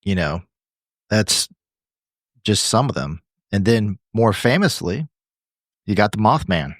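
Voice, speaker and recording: A man's voice: on the low side, big pitch swings, takes it slowly, no echo, studio quality. A man co-hosting a podcast in casual chat, rambling and leaning on filler phrases as he talks. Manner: rambling, leans on "you know" and restarts. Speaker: podcast co-host.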